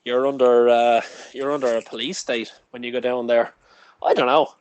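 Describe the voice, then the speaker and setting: A man's voice: mid-range voice, steady tone, moderate pace, a little mellow, dry recording, poor audio. A man chatting casually, telling long sweary stories. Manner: sweary, storytelling rambles. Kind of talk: casual chat.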